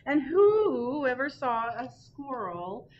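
A woman voicing a great horned owl who hoots loudly and sounds incredulous. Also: high-pitched, sing-song, slow, lo-fi sound, slight background noise, voice pushed up, exaggerated voice. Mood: hooting. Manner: hooting, incredulous.

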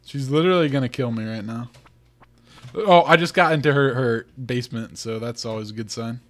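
A man's voice: medium pitch, brisk. A man giving casual gameplay commentary as host, full of joking, sarcastic asides, recorded at home. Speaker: let's play host.

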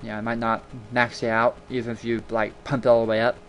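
Speaking fairly quickly in a medium-pitched, monotone, a bit bright voice, a man hosts an informal screen-recording tutorial at his home computer. Into a desktop mic he rambles chattily, repeating words for emphasis, with a little hiss or hum present.

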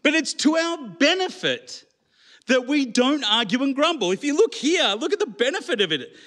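Man, pastor, sermon, high-pitched voice, conversational, asks the congregation questions. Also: sing-song, normal speed, a bit bright. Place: church.

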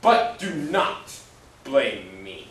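A man's voice: medium pitch, very animated, drawn-out words, fairly bright tone, far from the mic, a little hiss or hum, heavily acted. A man playing a troubled Roman governor, defensive and self-justifying, with agitated rhetorical questions in a stage play monologue. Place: school hall. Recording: echoey hall from afar.

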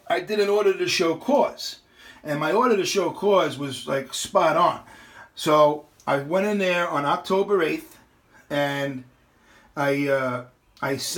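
A middle-aged man, talking in a casual, ranting monologue. He is blunt and profane and keeps restarting his sentences. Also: a little high. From New York. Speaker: vlogger.

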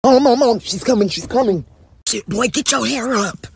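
A woman's voice: extremely high pitch, expressive, slow, sharp tone, a little hiss or hum, full character voice. A performer playing a bossy mother scolding her kids in a car, in a comedy skit.

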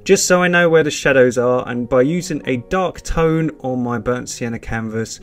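A man's voice: mid-range voice, normal speed, soft background music. A British man giving a step-by-step painting tutorial, chatty and encouraging, with reassurances he repeats often.

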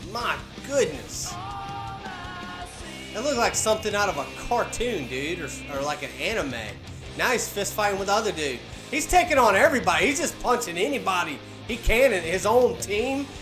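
A chatty, excitable man giving casual reaction commentary at home, laughing often as he talks. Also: sits high, normal speed. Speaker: reaction video host. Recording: echoey room with faint music.

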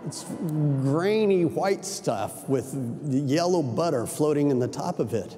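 A man's voice: a little high, lively intonation, slow pace, mellow, slight background noise. An older male pastor preaching a sermon in a conversational storytelling style, with chatty self-correcting asides. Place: large church sanctuary. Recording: reverberant church sanctuary.

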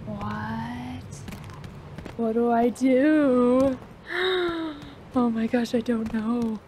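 A woman commenting on her gameplay, gasping often and repeating excited exclamations. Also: on the high side, noisy background. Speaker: let's play gamer. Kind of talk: let's play commentary. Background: game music.

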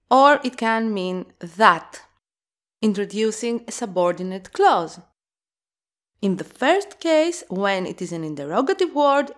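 Woman, language teacher, slow lively delivery, stresses example words. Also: medium pitch. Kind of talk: scripted language lesson.

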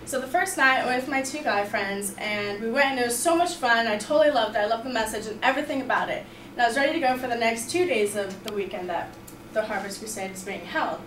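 A young woman tells a personal story to a class in a bright, chatty manner, scattering "like" and "you know" through her sentences. Her voice sits a little high. The recording is echoey and picked up from across the room, with faint background noise. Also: quick pace, distant mic. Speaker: student storyteller.

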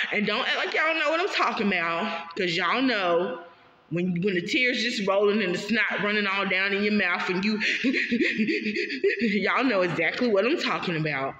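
A woman pours out a heartfelt personal monologue, emphatic and repetitive, talking straight to her audience. Her voice is bright and forceful. The recording sounds dull and lo-fi, with a long echo from the room around her. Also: medium pitch, expressive, moderate pace. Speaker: vlogger sharing her story.

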